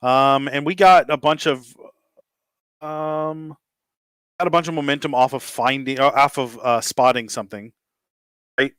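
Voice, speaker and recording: A man's voice: mid-range voice, unhurried, pauses often, clear, resonant tone, no room sound. Easygoing man running a tabletop game. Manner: relaxed, full of ums and uhs. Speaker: game master.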